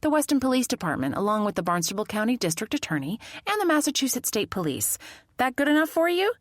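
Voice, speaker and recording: Steely police detective woman, firm and quick, voiced by the narrator, dry sound. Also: a little high, sing-song, no room sound, pitched above the performer's own voice. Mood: commanding. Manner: firm, commanding.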